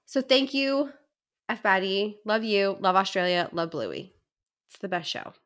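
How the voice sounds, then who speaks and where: Lively woman co-hosting a book podcast. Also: medium pitch, measured pace. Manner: animated, reads listener messages aloud. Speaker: podcast co-host. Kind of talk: casual book chat.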